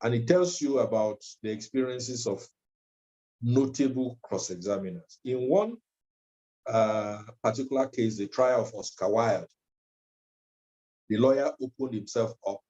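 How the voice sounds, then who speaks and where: A man delivers a training lecture at an unhurried, deliberate pace and fills his pauses with ums. His voice is dark and mellow. The recording sounds dull and lo-fi. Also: medium pitch. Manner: measured, with frequent ums and uhs. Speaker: legal trainer.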